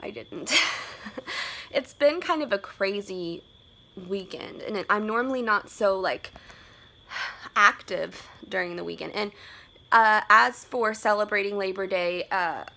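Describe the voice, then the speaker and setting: Chatty young woman, bright voice. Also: medium pitch, a little slow, creaky, pauses often. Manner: rambling, chatty, lots of "like". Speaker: vlogger. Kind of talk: casual vlog chat. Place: her room at home.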